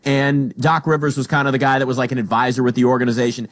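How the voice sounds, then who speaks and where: A man hosting a sports talk show, arguing with emphatic swings between loud emphasis and quick asides. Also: medium pitch, level tone, no echo, clean studio sound.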